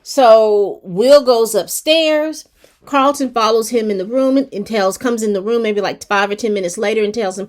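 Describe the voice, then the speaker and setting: A talkative woman walks her viewers through a TV episode in a loose, chatty recap, full of terms of endearment and filler words. Her voice sits at an ordinary middle pitch for a woman, and she talks quickly. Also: a little mellow. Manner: rapid talk. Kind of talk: casual recap chat to viewers.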